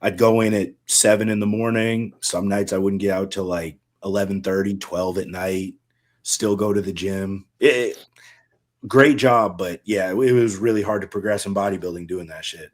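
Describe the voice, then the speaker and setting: A man's voice: low voice, steady tone. A man from Maine co-hosting a casual podcast, telling easygoing stories about old jobs. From Maine, USA. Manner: easygoing storyteller, drawn-out. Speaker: podcast co-host.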